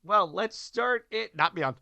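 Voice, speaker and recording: A man in his thirties co-hosting a casual hockey podcast, joking and animated, swinging between loud bursts and quiet asides. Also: high voice, unhurried, gravelly, no echo. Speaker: podcast co-host, hockey coach. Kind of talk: casual sports podcast chat.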